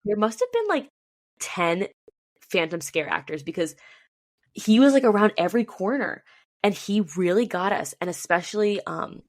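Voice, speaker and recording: A woman's voice: medium pitch, lively intonation, moderate pace, dry recording, clean studio sound. A young woman co-hosting a podcast, chatting enthusiastically with plenty of ums and likes. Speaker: podcast co-host. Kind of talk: casual chat.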